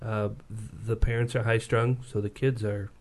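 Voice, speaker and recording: A man chatting casually about his kids in a steady, plain-spoken way. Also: lowish voice, unhurried. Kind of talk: casual chat.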